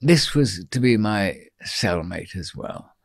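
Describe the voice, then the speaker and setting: An older man telling stories as a guest in a studio interview, dry and wry, with frequent pauses and restarts. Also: fairly low pitch, lively intonation, vocal fry, no echo. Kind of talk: storytelling in a long-form interview.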